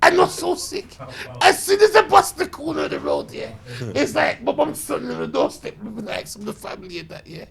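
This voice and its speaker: A man, telling loud, slang-heavy, swearing stories as a podcast guest. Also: very high voice, huge pitch swings, fairly quick, gravelly, few pauses, a crowd in the background. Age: 30s. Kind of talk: animated anecdote telling.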